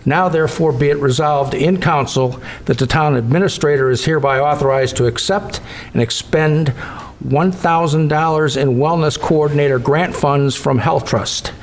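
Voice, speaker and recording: A man serving as a town councilor, reading motions and resolutions in a measured, formal way. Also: a little high, slight background noise.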